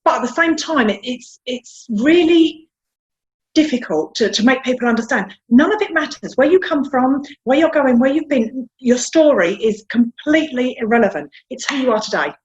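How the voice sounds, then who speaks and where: A woman's voice: sits high, lively intonation, normal speed. Guest, woman, South London accent, chatty and candid, self-deprecating, slightly muffled recording. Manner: chatty, frank, self-deprecating, repeats words. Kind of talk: candid interview chat.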